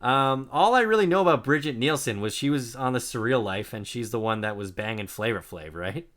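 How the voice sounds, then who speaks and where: A man's voice: mid-range voice, lively intonation, a little fast, fairly bright tone. A man co-hosting a podcast, recapping an episode's plot in a laid-back, dry way. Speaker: podcast co-host. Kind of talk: casual chat recapping a TV episode.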